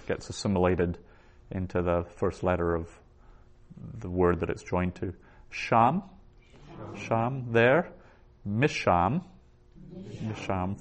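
A man teaching a Hebrew class, saying each vocabulary word twice and explaining it in a slow, deliberate lecture. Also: fairly low pitch.

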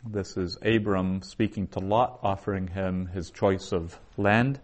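Slow, low-voiced man teaching. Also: fairly even intonation. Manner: slow, deliberate, spells out each word. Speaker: Biblical Hebrew teacher. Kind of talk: classroom lecture.

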